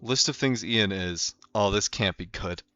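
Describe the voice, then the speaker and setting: A man's voice: lowish voice, unhurried, pushed and bright. A young man from North America chatting casually while playing a game live, rambling with lots of fillers. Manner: loose and rambling, heavy on fillers like "like" and "um". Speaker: livestreamer. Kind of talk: casual live gameplay chat. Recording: slightly muffled stream audio with faint music.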